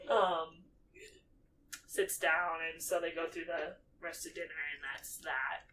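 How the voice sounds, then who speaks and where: Podcast co-host, female, casual recap chat, bright tone, slightly off-mic with faint hiss. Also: on the low side, unhurried, far from the mic, poor audio. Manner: animated, acts out quotes in character voices.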